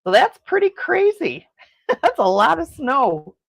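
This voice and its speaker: A woman's voice: sits high, sing-song, unhurried, vocal fry, fairly bright tone, no room sound, clean studio sound. A chatty, exclaiming woman hosting a casual morning livestream from home at a desk microphone, reading out and answering viewer comments. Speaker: livestream host. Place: home in snowy Milwaukee.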